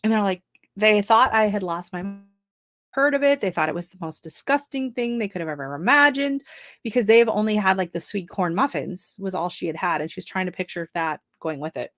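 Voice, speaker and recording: A woman's voice: mid-range voice, lively intonation, brisk, fairly bright tone, no room sound, studio quality. A middle-aged woman hosting a home gardening live stream, chatting casually and rambling through asides. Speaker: gardening channel host.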